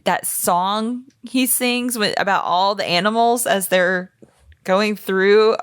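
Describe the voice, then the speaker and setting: A woman with a smooth mid-range voice and a measured pace reads a fan theory aloud on a podcast she co-hosts, recorded in a clean studio with no echo. The tone is casual, playful, and giggly, and she attempts silly accents.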